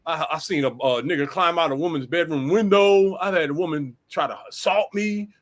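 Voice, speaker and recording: A man's voice: fairly high pitch, fairly quick. An older man from Philadelphia, co-hosting a heated casual debate in a blunt, profane, emphatic way. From Philadelphia, USA.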